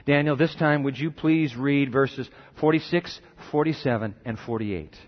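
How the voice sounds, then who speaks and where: A man preaching a sermon in a lively, conversational way, often asking his listeners questions. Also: mid-range voice, moderate pace, slight background noise. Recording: dull muffled recording.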